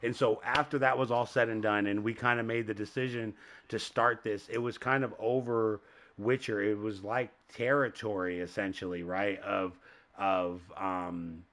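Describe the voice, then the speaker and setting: Rambling, animated podcast host man. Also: lowish voice, moderate pace, slight background noise. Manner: rambling, animated, laughs often. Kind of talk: casual chat.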